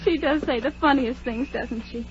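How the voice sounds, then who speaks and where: A woman playing a timid, high-voiced young woman. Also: normal speed, close to an everyday voice. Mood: dreamy. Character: timid, easily frightened young woman Edna. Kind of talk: 1940s radio acting. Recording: dull old radio recording with faint noise.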